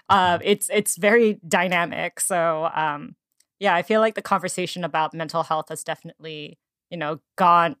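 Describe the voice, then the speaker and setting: A woman interviewing an author, asking thoughtful, measured questions with some fillers. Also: on the low side, no echo, studio quality. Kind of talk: casual interview conversation.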